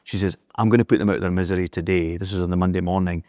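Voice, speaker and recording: A man's voice: deep voice, steady tone, rapid-fire, a little mellow, no echo, studio quality. A middle-aged man, a business leader telling anecdotes as an interview guest, acting out the dialogue as he goes. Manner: anecdotal, acts out dialogue in the retelling. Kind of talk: storytelling in casual conversation.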